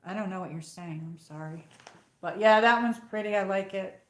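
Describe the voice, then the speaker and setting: A woman's voice: medium pitch, moderate pace, roomy sound. Chatty woman streamer, upstate New York accent. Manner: rambling, chatty, reads out viewer comments. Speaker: livestream host. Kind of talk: casual live chat.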